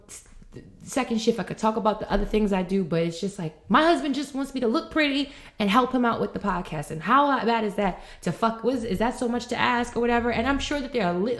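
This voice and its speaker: A young adult woman co-hosting a podcast, talking in a heated, rambling way with lots of swearing and restarts. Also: mid-range voice. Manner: frustrated, rambling, swears often. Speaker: podcast co-host. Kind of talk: heated casual conversation.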